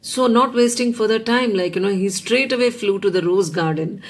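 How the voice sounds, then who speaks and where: A woman's voice: medium pitch, normal speed. A woman hosting a weekly storytelling show, telling a children's fable with lots of casual fillers. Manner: chatty, many fillers like "you know" and "yeah". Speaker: storyteller host.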